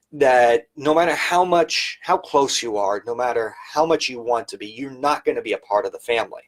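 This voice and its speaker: A middle-aged man giving a live-streamed talk as an educator, telling workplace stories in a conversational, emphatic storytelling manner. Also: medium pitch. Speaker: private service educator.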